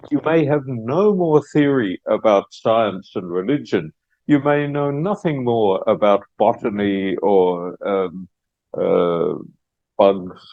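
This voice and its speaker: An Australian man giving a public lecture as guest speaker, unhurried and with many hesitations. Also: lowish voice, highs cut off.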